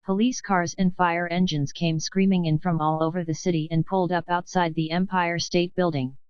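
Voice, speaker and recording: A woman narrates a children's audiobook in a steady, even reading. Her voice is low and smooth. The recording is dry and a little muffled. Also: moderate pace, dry recording. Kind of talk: scripted narration. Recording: dull dry studio recording.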